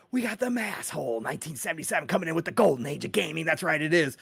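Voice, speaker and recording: A man hosting a casual gaming podcast live stream, talking excitedly and reading out chat names with quick greetings and casual swearing. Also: fairly high pitch, creaky, breathy edge, no echo. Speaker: podcast host.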